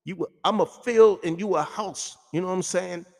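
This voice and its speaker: A man rants through a heated, profanity-filled talk-show monologue. His voice sits a little high for a man. It carries a long, reverberant room sound. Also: normal speed. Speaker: radio show host.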